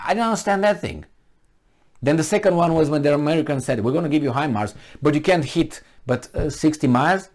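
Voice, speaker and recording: A man giving casual solo commentary on a news article, sarcastic and animated, often slipping into mocking voices. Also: medium pitch.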